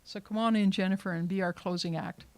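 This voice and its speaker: A woman hosting a storytelling event, finishing a folk tale in a relaxed manner and introducing the next teller. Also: mid-range voice, quick pace, no room sound. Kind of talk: storytelling to a live audience.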